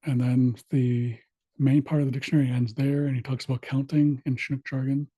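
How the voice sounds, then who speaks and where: Man instructor, online lesson, dry close sound, husky tone, steady delivery with filler pauses. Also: medium pitch, no room sound. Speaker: language instructor. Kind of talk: online class screen-share walkthrough.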